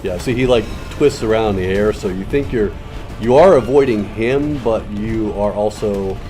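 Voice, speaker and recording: A man's voice: moderate pace, over music. A man streaming a video game, muttering casual commentary with frequent swearing. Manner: muttering, swearing, low-key.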